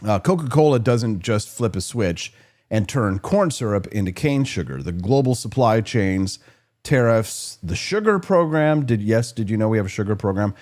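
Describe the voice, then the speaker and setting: Sarcastic talk-show man, lively pitch. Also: moderate pace. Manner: sarcastic, jokey, conversational. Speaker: radio show host. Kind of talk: political talk show monologue.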